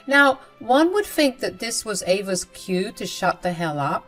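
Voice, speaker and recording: A woman's voice: mid-range voice, big pitch swings, measured pace, hardly any pauses, a bit bright, faint music behind, low-quality recording. A young woman narrating her own story in a scripted, confiding and emotional way.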